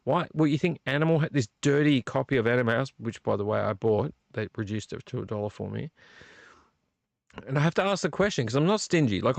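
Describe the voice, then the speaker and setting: A man's voice: mid-range voice, creaky, no echo. A man hosting his own live vlog, ranting with repeated rhetorical questions about collecting. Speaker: vlog host. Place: home room.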